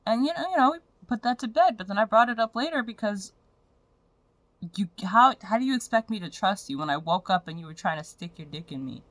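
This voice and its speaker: A woman's voice: medium pitch, animated, brisk, a bit bright, no room sound. A young woman vlogging in a frank, profane, rambling way about her personal life. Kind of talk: candid personal vlog rant.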